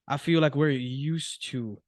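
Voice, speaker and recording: A man's voice: mid-range voice, takes it slowly, no room sound. A man co-hosting a casual podcast chat, talking hesitantly with restarts and laid-back slang. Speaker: podcast co-host.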